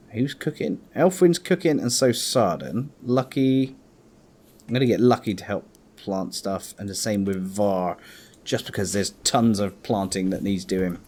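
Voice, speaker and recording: A man's voice: medium pitch, a little mellow. A man giving casual gameplay commentary as a let's play host, thinking aloud and chatting to his game characters.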